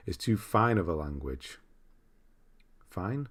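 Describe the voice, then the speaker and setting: A man's voice: low-pitched, very animated, takes it slowly. A young British man hosting a casual livestream, chatting loosely, reading out viewer comments and laughing often. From Britain. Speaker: livestream host.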